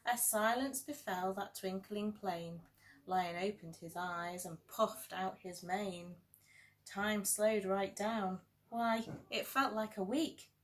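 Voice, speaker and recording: A woman teacher reading a rhyming picture book aloud in a gentle, sing-song storytelling way with playful emphasis. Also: mid-range voice, takes it slowly.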